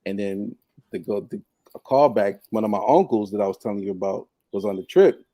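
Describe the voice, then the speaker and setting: A man telling a personal story on a podcast in a casual, animated way, laughing often and mimicking others. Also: lowish voice, a little fast, no room sound. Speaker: podcast guest.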